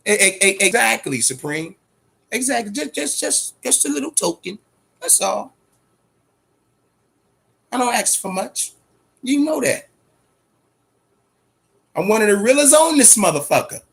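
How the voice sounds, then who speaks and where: A man's voice: high voice, big pitch swings, measured pace, creaky, pauses often, fairly bright tone, breathy edge. A man hosting a boxing show, talking casually and profanely, amped up and fidgety, repeating himself often. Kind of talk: casual livestream talk.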